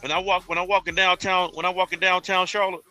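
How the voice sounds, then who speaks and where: Fast, bright-voiced arguing man. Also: sits high, level tone, soft background music. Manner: emphatic, stumbles and restarts while arguing. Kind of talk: casual debate chat.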